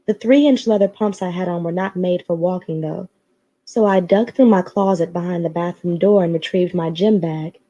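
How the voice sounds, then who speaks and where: A woman reading a novel aloud in expressive storytelling, now and then adding her own asides. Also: on the low side, lo-fi sound. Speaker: story reader.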